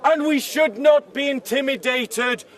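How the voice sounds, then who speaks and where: Man, very high voice, street speaker shouting to a crowd, heard from a distance outdoors. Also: unhurried. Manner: shouts repeated accusing questions to a crowd. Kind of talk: open-air debate speech. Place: outdoor park speaking area. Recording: distant mic, crowd around.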